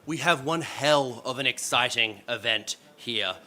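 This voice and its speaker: A man with an Australian accent hosts a live panel discussion with energy and self-deprecating humor. His voice is very bright and forceful, at a middle pitch for a man. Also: a little slow. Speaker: event moderator.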